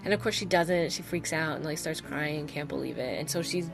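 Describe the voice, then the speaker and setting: This woman's voice is low, brisk, and creaky, with music behind it. She's a book reviewer giving a chatty, gushing, spoiler-heavy take on a novel for her channel, saying "like" and "oh my God" a lot.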